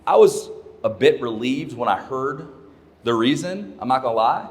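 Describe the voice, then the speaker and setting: A man's voice: medium pitch, animated, normal speed. A man giving a keynote talk to a live audience, telling a story with emphatic repetition of his key points. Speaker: leadership speaker. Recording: long hall reverb.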